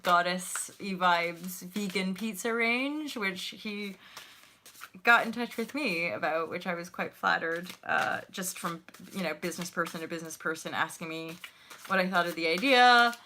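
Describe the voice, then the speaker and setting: Woman tarot host, bright tone, gushing and chatty with live viewers, swears casually. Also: on the low side, normal speed, slight background noise. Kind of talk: live-stream tarot reading.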